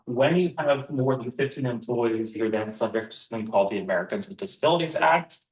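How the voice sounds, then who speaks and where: Man lecturing in an echoey room. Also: medium pitch. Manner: conversational, frequent ums and uhs, asks the room questions. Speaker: presenter at a business training. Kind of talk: live training talk to a room. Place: meeting room with an audience. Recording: roomy, voice from far off the mic.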